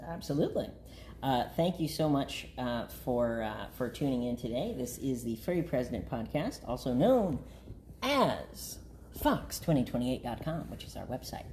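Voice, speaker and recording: A man's voice: mid-range voice, very animated, normal speed, a little mellow, a little hiss or hum. A man hosting a podcast in casual chat, with a playful, grandiose manner and plenty of "uh" fillers. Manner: playful, grandiose self-introduction with frequent fillers. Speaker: podcast host.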